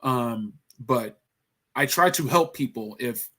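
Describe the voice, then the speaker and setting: A man hosting a casual livestream about toy figures, excitable and slangy, laughing often and talking to his viewers. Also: mid-range voice, takes it slowly, husky.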